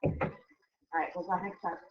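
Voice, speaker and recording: A woman's voice: fairly low pitch, little pitch movement, measured pace. A woman teacher giving a casual classroom math lecture, chatty and often correcting herself. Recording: dull lo-fi recording.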